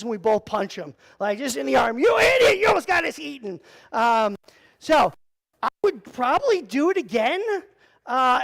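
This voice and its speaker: Guy youth pastor, pretty high voice, jokey and animated, lots of likes and ums. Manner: animated, joking storyteller, full of "like" and "um". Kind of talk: youth group talk with a personal story.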